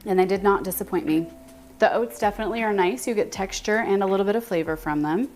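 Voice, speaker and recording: A woman's voice: mid-range voice, fast talker, darkish tone. A woman with a Texan accent hosting a casual baking livestream, chatting and thinking aloud as she greets her viewers by name in her home kitchen.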